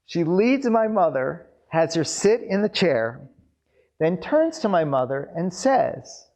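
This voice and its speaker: A man telling a family story to a live audience in an animated storytelling style with wry asides. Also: a little high, takes it slowly.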